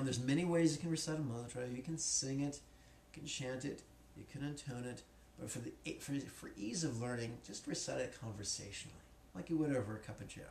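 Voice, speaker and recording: A man's voice: mid-range voice, vocal fry. A man teaching as a spiritual teacher, joking and casual, in a classroom. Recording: echoey room, faint noise.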